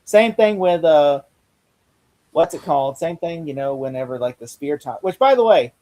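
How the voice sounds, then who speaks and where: A man with a high voice rambles excitedly through a casual review chat, restarting sentences as he goes. His pitch sits well above most men's, and he jumps from point to point as he co-hosts. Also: moderate pace, poor audio. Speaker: podcast co-host.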